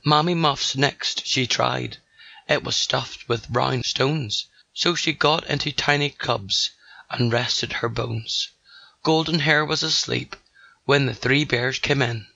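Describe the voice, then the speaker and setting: Male narrator for a rhymed fairy tale, gravelly and crisp, dry lo-fi read. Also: medium pitch, slow pace, bright, forceful tone, no room sound. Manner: sing-song rhyming delivery.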